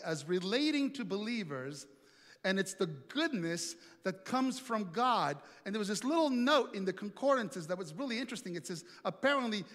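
High-voiced preacher in a reverberant hall. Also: male voice, fairly bright tone. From Italy. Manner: storytelling, playful, asks the audience questions. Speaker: pastor. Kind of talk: sermon. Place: large hall with an audience.

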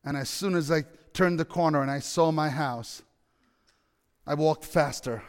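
High-voiced preacher guy telling a story, does all the voices, asks the crowd stuff. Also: measured pace, clean tone, long reverb tail. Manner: animated storyteller, acts out dialogue, asks the audience questions. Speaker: pastor. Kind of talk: storytelling sermon.

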